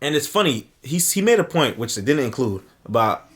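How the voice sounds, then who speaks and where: A man telling a story in an animated commentary video, swearing casually, acting out what people said and laughing often. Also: mid-range voice, a little fast. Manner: lively, swears casually, acts out quotes.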